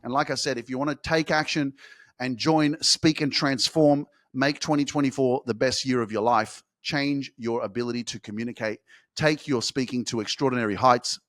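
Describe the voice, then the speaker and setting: A young man hosting a podcast, giving a profane, pumped-up motivational pep talk that swings from quiet to loud. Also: mid-range voice, no echo, studio quality. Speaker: podcast host and speaking coach.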